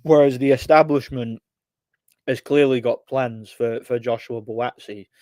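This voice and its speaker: A man's voice: medium pitch, steady tone, unhurried, darkish tone, no room sound. A man hosting a casual livestream and answering chat questions, rambling with lots of repeated words and fillers.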